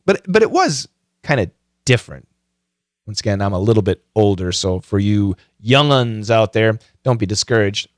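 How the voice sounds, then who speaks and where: A man's voice: lowish voice, animated, normal speed, no room sound, studio quality. A middle-aged man hosting a podcast, giving a casual, chatty tutorial full of self-mocking jokes and frequent fillers. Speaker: podcast host.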